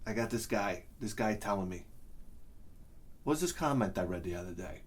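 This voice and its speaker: A man's voice: mid-range voice, wildly swooping pitch, a little fast. A middle-aged man vlogging casually, rambling and swinging into profane rants. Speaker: video game vlogger. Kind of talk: casual chat.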